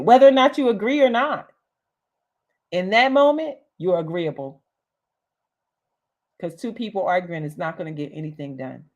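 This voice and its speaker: A woman's voice: lowish voice, moderate pace, long pauses, a little mellow, lo-fi sound. A woman hosting a livestreamed motivational talk, speaking emphatically, repeating key phrases, with casual slang. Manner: emphatic and repetitive, uses slang. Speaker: host.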